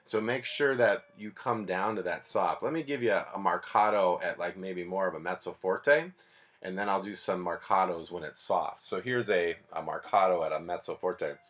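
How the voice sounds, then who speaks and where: A man's voice: low voice, normal speed, fairly bright tone. A man teaching a band lesson in a patient, plainspoken, explanatory way. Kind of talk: music lesson.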